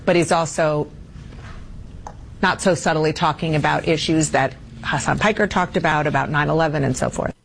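Woman, news anchor, low voice, earnest, matter-of-fact, panel discussion. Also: fairly even intonation, normal speed, gravelly, a little hiss or hum, low-quality recording.

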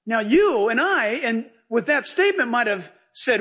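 High-voiced husky guy preaching, lively and jokey, tells stories. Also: normal speed, few pauses. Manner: animated, jokey, storytelling preacher. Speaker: pastor. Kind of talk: sermon.

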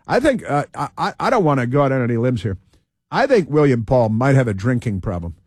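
A man's voice: mid-range voice, sing-song, brisk, darkish tone, slightly rough, dry recording, studio quality. A man hosting political commentary, reading news aloud with sarcastic asides, fillers and restarts.

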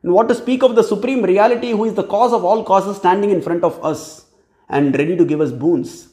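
A man giving a scripture discourse, chanting verses slowly and then explaining them in plain speech. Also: high-pitched, dark tone, roomy sound. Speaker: scripture teacher.

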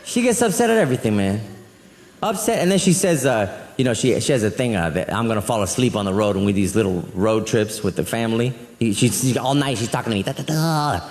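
A man doing a stand-up comedy set on a club stage, telling family stories in an animated way and acting out relatives in quick voices. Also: medium pitch. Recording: roomy live venue with reverb. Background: audience laughter.

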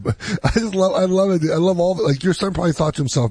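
A man in his thirties in casual chat, an animated storyteller who acts out quotes and laughs. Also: sits high, rapid-fire, slightly rough. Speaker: youth softball coach and father.

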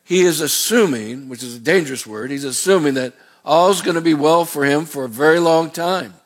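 A man's voice: fairly high pitch, moderate pace. A middle-aged male pastor preaching a sermon in a folksy, rambling way, with asides and repeated words.

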